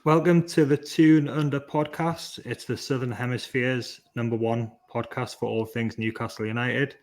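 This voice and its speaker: A man's voice: medium pitch, steady tone, normal speed. A man hosting a podcast in a friendly, joking, upbeat way, introducing and questioning a guest. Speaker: podcast host.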